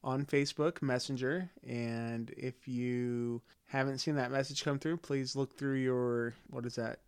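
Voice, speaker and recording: Man co-host, relaxed teasing banter, mid pitch. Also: unhurried, clear, resonant tone, dry recording, clean studio sound. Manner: teasing, easygoing. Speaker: podcast co-host. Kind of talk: casual chat.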